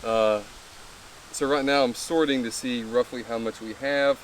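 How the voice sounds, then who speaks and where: A man's voice: medium pitch, steady tone, measured pace, distant mic, slight background noise, rough recording. A man in a boatbuilding vlog chatting casually about materials in an easygoing, joking way. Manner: easygoing, laughing, joking self-talk. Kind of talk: casual workshop chat.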